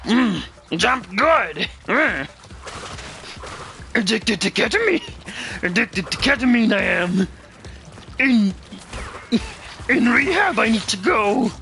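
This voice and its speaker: A small, wise old creature , as a man puts it on, with a raised, bright voice that sits higher than normal talk. He hums before speaking and turns his sentences backwards. The words come slowly and deliberately. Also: very animated, creaky, faint music behind, exaggerated voice. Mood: silly. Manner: inverted word order, slow humming pauses.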